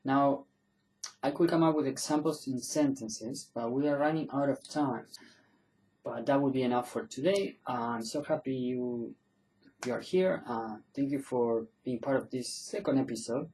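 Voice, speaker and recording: A man's voice: mid-range voice, darkish tone, rough recording. A man giving a casual online pronunciation lesson. He says each example word several times for practice, and he often stops to correct himself and apologize. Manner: loose and self-correcting, often apologizing and restarting; repeats example words slowly for practice. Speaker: pronunciation teacher.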